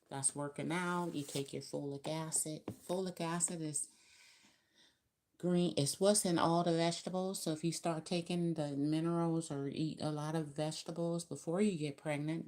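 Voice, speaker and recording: Woman, low voice, chatty live-stream tarot reader with emphatic spiritual asides. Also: a little mellow.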